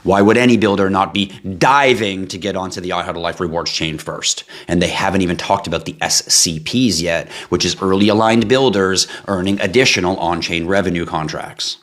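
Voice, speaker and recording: Deep-voiced man pitching on a livestream. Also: moderate pace, few pauses, a bit bright. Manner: hype-driven sales pitch with asides and tangents. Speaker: live stream host pitching a blockchain project. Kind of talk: casual live-stream pitch.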